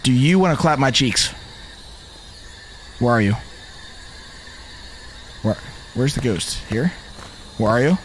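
Animated young man streaming a game. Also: mid-range voice, slow, pauses often, a little hiss or hum. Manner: animated, repetitive questioning, excitable. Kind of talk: live gameplay commentary.

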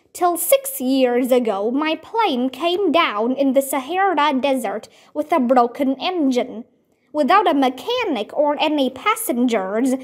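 A woman reading a children's book aloud as narrator, with a careful storytelling delivery. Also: high-pitched. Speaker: audiobook reader.

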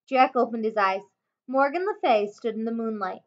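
A woman teacher reading a children's chapter book aloud, expressive, with small slips and self-corrections. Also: fairly high pitch, normal speed. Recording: dull lo-fi home recording.

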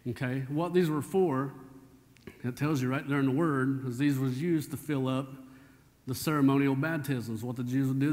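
A man's voice: mid-range voice, a little mellow. A man, preaching a sermon as pastor in a folksy, conversational storytelling way. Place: church sanctuary. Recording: church hall reverb.

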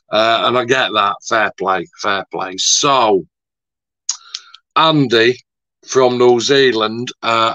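A man's voice: medium pitch, sharp tone, no echo, lo-fi sound. A man interviewing a guest in a rambling, chatty, mildly sweary way. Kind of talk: casual video-call interview.

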